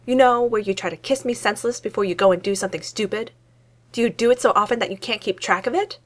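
A woman's voice: medium pitch, quick pace, lightly acted. A woman reading aloud voices a blunt, impatient young woman in a storybook scene.

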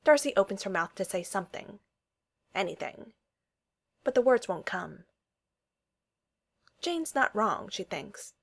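Casting: woman storyteller, lively intonation, reading fiction aloud. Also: mid-range voice, measured pace, gravelly, pauses often.

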